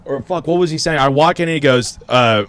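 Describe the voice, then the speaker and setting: A man's voice: on the high side, brisk, a bit bright, clean tone. A man co-hosting a podcast, telling a rambling, profane story in casual chat. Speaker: podcast co-host.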